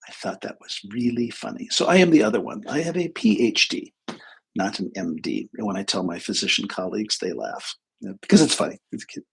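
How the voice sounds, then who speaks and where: A man's voice: fairly low pitch, expressive, a little fast, vocal fry, fairly bright tone, slightly rough. A male therapist talking casually on a livestream, chatty and self-deprecating as he tells funny anecdotes.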